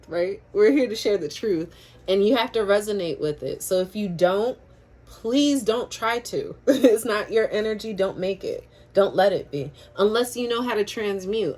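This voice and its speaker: Woman tarot reader, casual and chatty, spiritual, quick to laugh, loose language. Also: lowish voice, a little mellow. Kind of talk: casual tarot reading to camera.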